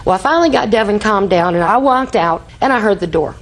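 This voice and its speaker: A woman's voice: mid-range voice, lively intonation, quick pace, rough recording. An older woman testifying in a TV courtroom, telling a rambling story and acting out quoted dialogue. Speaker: litigant.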